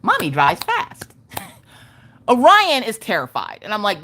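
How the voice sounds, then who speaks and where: A woman in her thirties with a twang spins a story for her livestream chat. Her pitch swings up and down all the time, and she talks in a loud, emphatic way, often cursing. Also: unhurried, long pauses. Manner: animated, profane, emphatic storytelling. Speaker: craft livestream host.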